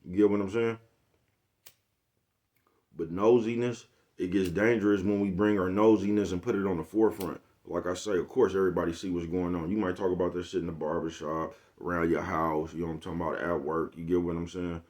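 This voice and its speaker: Male vlogger, lowish voice, loose slangy monologue, keeps checking in with his audience. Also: steady tone, fairly quick, a little mellow. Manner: laid-back slangy rant, repeats "you get what I'm saying". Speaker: channel host. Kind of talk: casual vlog monologue.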